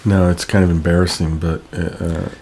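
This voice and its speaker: A man's voice: low-pitched, little pitch movement, normal speed, warm tone, a little hiss or hum. A man co-hosting a radio show, telling long stories in a rambling way with many fillers and restarts. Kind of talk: casual radio chat.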